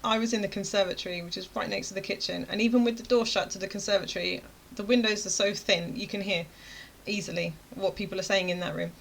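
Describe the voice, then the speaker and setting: A woman's voice: mid-range voice, fairly even intonation, quick pace, gravelly, a bit bright, a little hiss or hum. A woman in her thirties, a course creator, telling a chatty story to camera and acting out her own reactions. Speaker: web design course creator.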